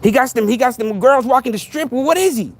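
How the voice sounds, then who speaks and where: A man with a high, gravelly voice rants sarcastically into his podcast mic, piling up rhetorical questions in street slang. His pitch swoops all over the place as he plays at being scared. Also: expressive, fast talker. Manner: sarcastic, mock-frightened, repetitive rhetorical questions. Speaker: podcast host. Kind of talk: casual monologue rant.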